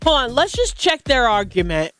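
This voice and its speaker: Lively, giggly woman radio host. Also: fairly high pitch, moderate pace, faint music behind. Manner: giggly, chatty, playful. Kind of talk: casual morning radio chat. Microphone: studio mic.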